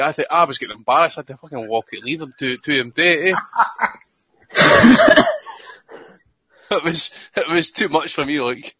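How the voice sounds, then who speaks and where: A man's voice: on the high side, big pitch swings, fairly quick, bright, forceful tone, low-quality recording. Profane Scottish man telling rowdy stories. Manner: profane, rambling, laughs through his stories. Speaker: podcast co-host. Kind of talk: crude storytelling in casual chat.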